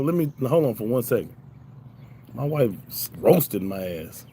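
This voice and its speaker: A man's voice: fairly low pitch, animated, normal speed, warm tone, slight background noise. A man hosting a casual livestream, reading chat aloud in a loose, profane way and laughing often. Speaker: livestream host.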